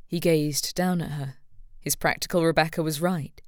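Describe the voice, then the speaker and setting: A woman with a notably low voice reads an audiobook romance as narrator. Her delivery is calm and even, recorded close with a dry, deadened sound. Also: moderate pace, no echo. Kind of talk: scripted narration.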